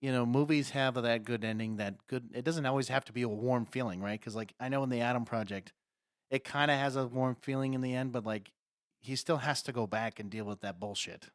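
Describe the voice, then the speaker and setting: A man's voice: medium pitch, fairly quick, no room sound, studio quality. A man co-hosting a casual podcast chat, swearing freely and laughing often as he riffs. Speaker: podcast co-host.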